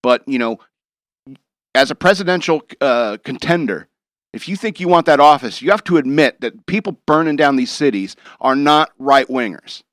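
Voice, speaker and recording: A man's voice: mid-range voice, lively intonation, normal speed, a bit bright, dry recording, studio quality. A man rambling through a wry, jokey monologue as a show host, chuckling now and then.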